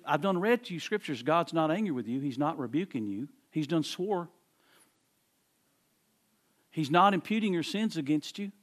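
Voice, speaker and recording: High-pitched pastor, emphatic pulpit delivery, repeats himself for force. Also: male voice. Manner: emphatic preaching, repeats phrases, swings between quiet and loud. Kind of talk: sermon.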